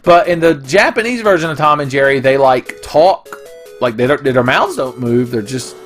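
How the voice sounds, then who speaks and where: A man's voice: mid-range voice, animated, normal speed, fairly bright tone, soft background music. A man hosting a gaming video, rambling and profane in casual commentary. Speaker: gaming channel host.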